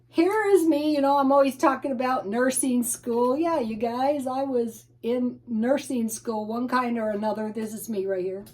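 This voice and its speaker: A woman's voice: a little high, a little mellow. A middle-aged to older woman chatting casually to her viewers while showing old family photos, rambling and laughing often. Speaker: vlogger.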